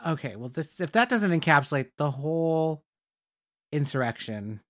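This podcast co-host chats casually and spins lively anecdotes, voicing the words of the people in them. Pitch is medium and the pace is ordinary.

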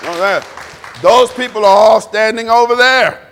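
Brief: very high-pitched male preacher, animated, chatty, long hall reverb. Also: moderate pace, some chatter behind. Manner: animated, repetitive, conversational preaching. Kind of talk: informal sermon with congregation responses.

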